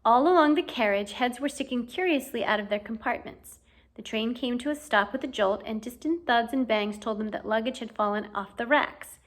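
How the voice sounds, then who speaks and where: A woman reads a novel aloud in audiobook style. Her narration is clear and steady, in a fairly high voice. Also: moderate pace. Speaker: audiobook reader.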